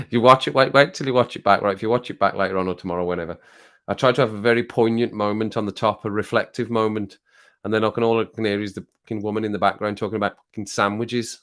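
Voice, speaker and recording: A man with a lowish voice chats loosely with his live viewers from a home streaming desk. He rambles from one thing to the next, laughs a lot and swears freely, close to a desk microphone. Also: fairly even intonation, quick pace, a bit bright. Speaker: livestream host. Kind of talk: casual chat with live viewers.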